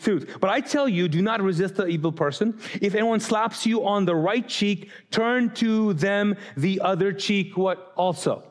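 A man's voice: high voice, a little slow, few pauses. A man preaching a sermon as pastor, talking directly to the congregation, often restarting his sentences and acting out the voices of people he quotes. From grew up Muslim. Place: church stage.

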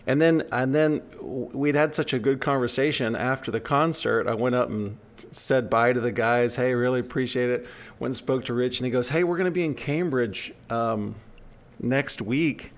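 A man's voice: mid-range voice, brisk. A man from the United States telling a long personal story in casual conversation, often restarting sentences and acting out what others said. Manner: rambling, self-correcting, animated when quoting others.

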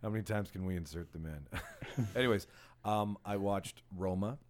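A man's voice: on the low side, normal speed. A man hosting a casual film podcast, rambling and laughing often as he chats with friends. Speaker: podcast host. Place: podcast recording with several guests.

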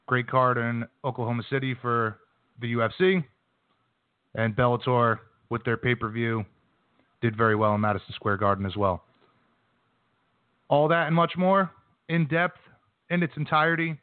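A man's voice: mid-range voice, moderate pace, pauses often, clear, resonant tone. Male radio host, brash sports-talk delivery, thin lo-fi phone sound, no room echo. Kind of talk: sports news recap and interview. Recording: dry phone-quality line.

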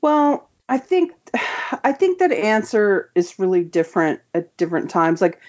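A woman talks in a relaxed, eager way as an interview guest, her sentences full of "like" and "um." Her voice sits at an ordinary middle pitch. The audio is dull and lo-fi. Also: a little slow. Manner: chatty, enthusiastic, many "like" and "um" fillers. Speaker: comic book writer, guest. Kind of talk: casual interview chat.

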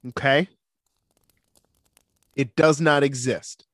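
A man's voice: medium pitch, steady tone, slow, fairly bright tone, dry recording, clean studio sound. A man co-hosting a podcast in casual chat, playful and laughing often as he builds up a story. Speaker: podcast co-host.

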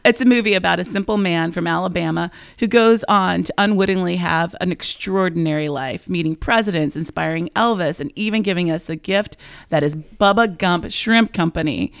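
A middle-aged woman co-hosting a comedy podcast, chatty and quick to laugh. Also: lowish voice, creaky, no room sound. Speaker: podcast co-host. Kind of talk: casual comedic chat.

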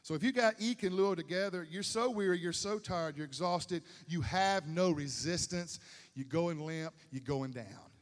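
A man's voice: a little high, normal speed. A man preaching a sermon, folksy and repetitive, building to emphatic peaks. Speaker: pastor. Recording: long hall reverb.

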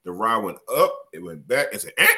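A man's voice: on the low side, animated, a little fast, sharp tone. A man, co-hosting a podcast and telling a story with lots of profanity and acted-out quotes. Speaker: podcast co-host. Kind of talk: casual storytelling chat.

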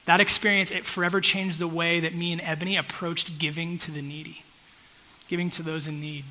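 A man preaching with a bright, forceful, somewhat high voice. He tells a personal story in an easy, chatty way and keeps checking in with the congregation. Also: flat delivery, fairly quick, low-quality recording. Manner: conversational storytelling, checks in with the audience. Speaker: pastor. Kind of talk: sermon.

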